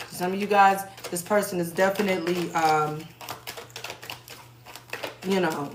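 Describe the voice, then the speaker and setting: Rambling woman giving a tarot reading. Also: medium pitch. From New York. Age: 30s to 40s. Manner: rambling, conversational, repeats herself. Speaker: tarot reader. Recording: echoey room with background noise.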